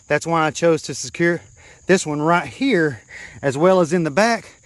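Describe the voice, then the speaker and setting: A man's voice: high voice, no echo. A man walking viewers step by step through a backyard build in casual, hands-on talk. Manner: explains step by step, points things out. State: out of breath at times. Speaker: DIY vlogger. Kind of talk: casual DIY build walkthrough. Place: outdoors in a backyard.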